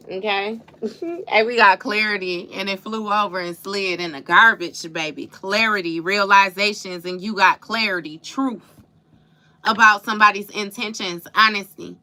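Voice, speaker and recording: A woman's voice: mid-range voice, bright, forceful tone, slight background noise. A woman giving a casual live tarot reading, slangy and profane, laughing often and calling the listener baby. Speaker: tarot reader.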